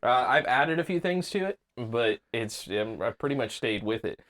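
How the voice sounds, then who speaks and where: A man's voice: medium pitch, expressive, normal speed, a bit bright. A man co-hosting a podcast, telling stories in an easygoing, rambling casual chat. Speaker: podcast co-host.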